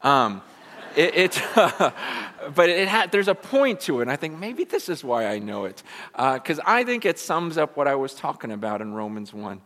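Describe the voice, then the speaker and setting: A male pastor preaching a sermon in a church, self-deprecating and animated, often repeating words as he goes. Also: a little high, normal speed. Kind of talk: sermon with a joke. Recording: long church reverb.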